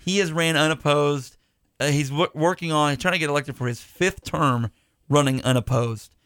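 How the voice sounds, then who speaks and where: Podcast host guy, kinda high voice, rambles and jokes around, dry close mic. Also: normal speed, a bit bright, clear, resonant tone, no echo. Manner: rambling, restarts and side jokes. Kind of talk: casual chat.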